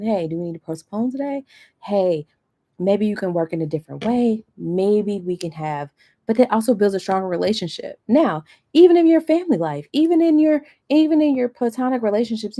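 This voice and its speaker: Animated motivational woman coach. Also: mid-range voice. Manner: animated, acts out quoted voices, checks in with "okay?". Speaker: coach teaching a masterclass. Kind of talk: motivational talk.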